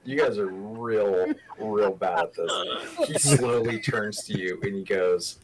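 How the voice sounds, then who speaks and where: A man's voice: fairly low pitch, measured pace, a crowd in the background, low-quality recording. A man running a tabletop horror game as game master, narrating in a wry way.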